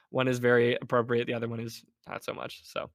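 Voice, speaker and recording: A man chatting casually as a guest on a podcast, animated and playful, slipping into mock voices. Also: medium pitch, moderate pace, vocal fry. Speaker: guest, game developer.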